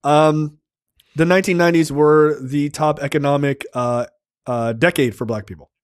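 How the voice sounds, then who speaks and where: A brash, joking man with a higher voice. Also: steady tone, normal speed, clear, resonant tone, dry recording, studio quality. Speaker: podcast co-host. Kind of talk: casual chat.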